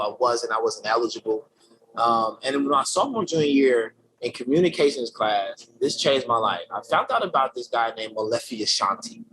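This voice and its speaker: Male interview guest, mid pitch, easygoing and energetic storyteller, slangy with lots of fillers. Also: rough recording. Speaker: podcast guest, creative director. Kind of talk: casual conversational storytelling.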